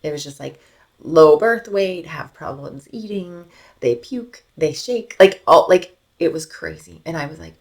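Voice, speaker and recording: A woman's voice: sits low, moderate pace, creaky. A Canadian woman in her thirties telling the story of her baby daughter's illness in a podcast interview. She talks casually, with many fillers, and often drops almost to a whisper. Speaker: podcast guest, mother.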